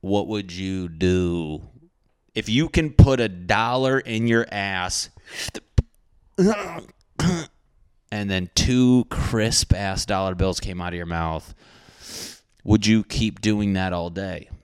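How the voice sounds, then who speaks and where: Deep-voiced man ranting crudely. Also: takes it slowly, pauses often, clear, resonant tone, no room sound, clean studio sound. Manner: profane, excitable, self-mocking. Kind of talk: rambling comedic monologue.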